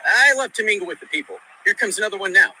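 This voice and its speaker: A man playing a politician in a comedy clip, with a stiff, robotic, deadpan manner. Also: high-pitched, rapid-fire, a little hiss or hum, poor audio. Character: robotic deadpan impression of a politician meeting people.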